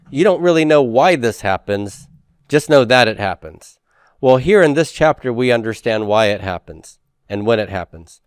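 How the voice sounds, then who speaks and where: Male Hebrew instructor, patient and repetitive, slow measured delivery, dry close mic. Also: medium pitch, clear, resonant tone, no room sound. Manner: patient, repeats words slowly, checks in with "okay?". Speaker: Hebrew teacher. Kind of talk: recorded grammar lecture.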